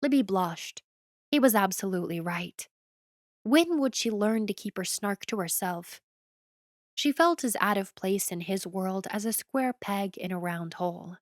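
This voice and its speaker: A woman narrating a romance audiobook in an even storytelling delivery, recorded close to the mic. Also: medium pitch, a little slow, no room sound.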